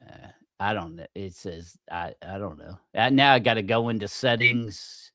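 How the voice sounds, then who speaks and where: A man's voice: lowish voice, fairly even intonation, normal speed, bright, forceful tone, no room sound, clean studio sound. A man hosting a casual livestream podcast, swearing freely, getting aggravated and laughing at himself. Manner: profane, easily aggravated, self-mocking. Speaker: podcast host.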